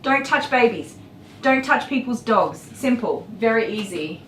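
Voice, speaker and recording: A middle-aged Australian woman talks to her livestream viewers while she grooms, blunt and exasperated, tossing in mild swears and laughing. Her voice sits a touch high and reaches the mic from a distance. The salon around her is echoey, with faint noise in the background. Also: expressive, a little slow, fairly bright tone. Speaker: dog groomer streaming live. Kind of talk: casual livestream chat.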